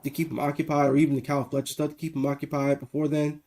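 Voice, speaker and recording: A man co-hosting a casual wrestling review podcast over a video call, animated and swearing freely. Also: fairly high pitch. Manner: animated, swearing, quick asides. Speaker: podcast co-host.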